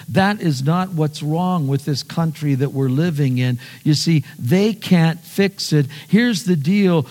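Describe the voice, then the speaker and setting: High-voiced pastor in a reverberant hall. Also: male voice, darkish tone. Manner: earnest and conversational, repeats words, asks the congregation questions. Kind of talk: sermon.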